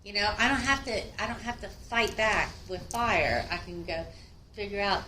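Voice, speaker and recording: Bright-voiced woman lecturing in an echoey room. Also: mid-range voice, moderate pace, distant mic, a little hiss or hum. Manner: chatty, acts out short quotes. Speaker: instructor. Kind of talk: classroom lecture.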